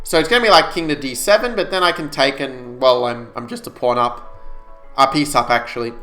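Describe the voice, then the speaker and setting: A man streaming chess puzzles live, calculating moves out loud and explaining them to his viewers in a casual way. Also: medium pitch, a little fast, soft background music.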